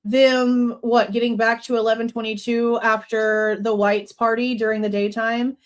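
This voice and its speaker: A woman hosting a true crime reaction show, commenting on an interview transcript in a pointed, skeptical manner. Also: on the high side.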